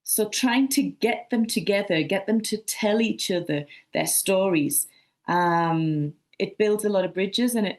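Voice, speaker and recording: A woman presents at an academic conference in a friendly, repetitive way, with frequent "um"s. Her voice sits a little low for a woman. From Sunderland, England.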